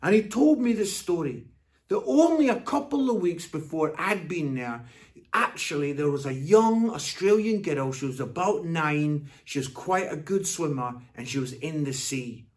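A man with a Scottish accent giving a Father's Day sermon, telling stories in an animated way before turning soft and earnest. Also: on the high side, moderate pace. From Scotland. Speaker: pastor.

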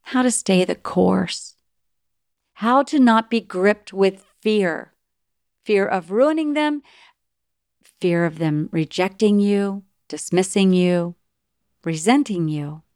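A woman's voice: mid-range voice, takes it slowly, pauses often, darkish tone, clear, resonant tone, dry recording, studio quality. A middle-aged woman giving an earnest, encouraging faith-based talk on parenting, sometimes acting out what parents and children say. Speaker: Christian parenting speaker.

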